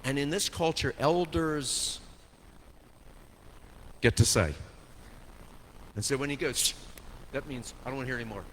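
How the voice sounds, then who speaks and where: A man preaching a sermon, telling a story with dramatic swings from hushed to soaring delivery. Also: mid-range voice, animated, moderate pace, long pauses. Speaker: pastor. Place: church sanctuary. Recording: long hall reverb, faint noise.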